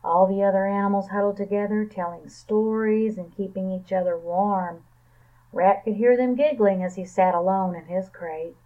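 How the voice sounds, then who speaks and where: A woman librarian reading a children's picture book aloud in a calm, even storytelling manner. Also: mid-range voice, moderate pace. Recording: tinny phone-like sound.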